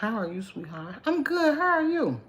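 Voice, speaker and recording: Animated chatty woman livestreaming. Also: a little high, moderate pace, slight background noise. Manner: chatty, animated, greets viewers by name. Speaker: livestream host. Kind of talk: casual livestream chat with viewers.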